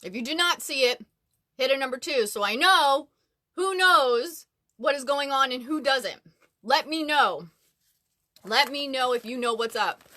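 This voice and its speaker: A bubbly woman hosts a casual livestream from inside her closet at home. Her voice is bright and on the high side, and she chats along easily, greeting viewers by name as they join. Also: animated, unhurried. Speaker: livestream host.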